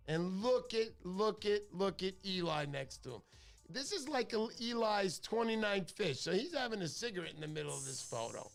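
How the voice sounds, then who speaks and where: A man hosting a casual fishing livestream, chatty and excitable, thanking viewers by name. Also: sits high, vocal fry. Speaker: livestream host.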